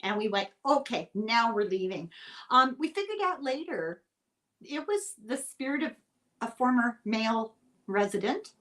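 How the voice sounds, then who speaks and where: A woman born in Ireland, chatting casually and telling animated stories with laughter. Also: on the high side, moderate pace. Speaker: guest storyteller. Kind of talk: casual chat. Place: rural United States.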